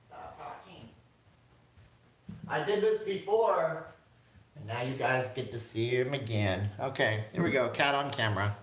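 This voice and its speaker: A man's voice: medium pitch, lively intonation, unhurried, pauses often, a bit bright. A man hosting a casual live stream from home, chatting loosely and reading viewer comments aloud. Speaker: vlog host. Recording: echoey room.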